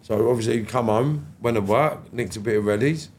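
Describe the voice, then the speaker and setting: A middle-aged podcast guest with a mid-range voice talks a little fast while sharing stories in a casual interview. He acts out conversations animatedly, using slang and swearing, with slight background noise behind him.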